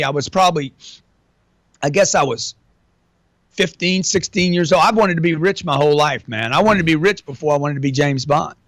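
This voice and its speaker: A man's voice: on the high side, fairly bright tone, no echo. Brash slangy man, dry close sound. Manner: brash, slangy, profane, keeps saying man and dude. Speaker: interview guest. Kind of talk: casual interview talk.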